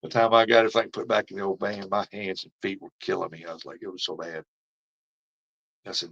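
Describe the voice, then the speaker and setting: Guy rambling about fishing to his viewers, gravelly, kinda muffled lo-fi sound. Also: fairly low pitch, normal speed, long pauses, a bit bright. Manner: folksy storytelling, laughs often. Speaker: fishing vlogger. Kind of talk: casual live chat with viewers. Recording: dull lo-fi stream audio.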